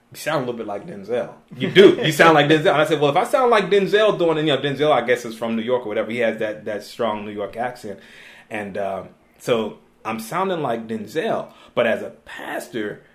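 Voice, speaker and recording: Halting male actor in an echoey room. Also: medium pitch. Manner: halting, many fillers and restarts, laughs easily. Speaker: actor guest. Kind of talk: casual interview chat. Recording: roomy echo.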